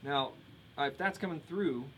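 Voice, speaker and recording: A man with a slightly high voice runs a relaxed, chatty guitar lesson over a stream. He talks loosely and counts the beats aloud. His own acoustic guitar rings loudly underneath him the whole time. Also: normal speed, low-quality recording. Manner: casual, counts beats aloud while strumming. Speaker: guitar teacher. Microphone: streaming mic through a compressor. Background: his own strummed acoustic guitar.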